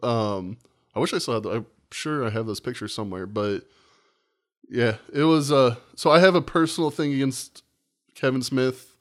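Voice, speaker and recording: A man's voice: medium pitch, moderate pace. Podcast co-host, male, casual storyteller, swears freely, acts out dialogue. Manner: rambling, profane, acts out quotes.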